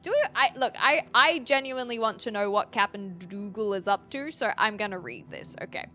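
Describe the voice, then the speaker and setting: Bright-voiced American woman streamer. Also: mid-range voice, sing-song, fairly quick, hardly any pauses. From United States. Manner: chatty, laughs often, reads chat messages aloud. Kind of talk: casual live game commentary.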